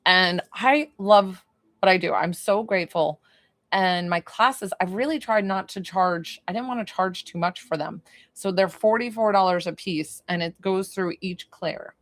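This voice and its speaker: A woman's voice: lowish voice, a bit bright, no room sound. A woman hosting a live stream as a psychic medium from her basement, chatting effusively with viewers and swearing casually. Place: basement room.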